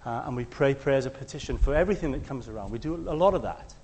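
A man preaching a conversational sermon. He tells stories and acts out the quotes, sometimes shouting them loudly. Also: mid-range voice, expressive, fast, breathy edge, in a large hall.

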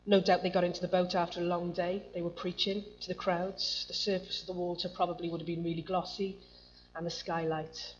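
A woman preaches a sermon to a congregation, reading scripture and putting questions to the room conversationally. Her voice is lowish, her tone level and her pace brisk, captured on a muffled lo-fi recording with a faint hum.

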